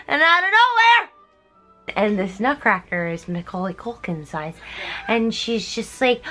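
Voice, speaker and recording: Brief: tipsy young woman comic narrator, high and bright, giggly, does voices. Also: measured pace, faint music behind. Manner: giggly, animated, voices the characters. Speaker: host. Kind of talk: tipsy comedic retelling.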